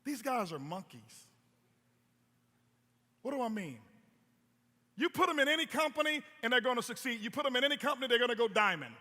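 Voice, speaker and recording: A man's voice: very high-pitched, very animated, a little fast, long pauses, sharp tone. A man presenting network marketing in a motivational stage talk, telling stories with punchy repetition and rhetorical questions. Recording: long hall reverb.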